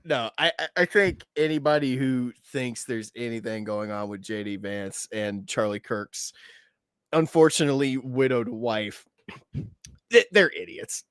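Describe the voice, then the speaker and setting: A man's voice: mid-range voice, a little slow, smooth, no echo, clean studio sound. A man co-hosting a podcast, talking bluntly in casual banter, swearing and laughing often. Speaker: podcast co-host.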